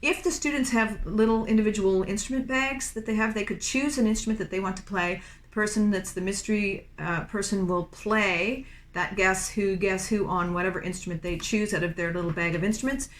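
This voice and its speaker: A woman's voice: medium pitch, fast, few pauses. Patient woman music teacher explaining. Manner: patient, encouraging, breaks into short sung phrases. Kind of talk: instructional talk with sung demonstrations.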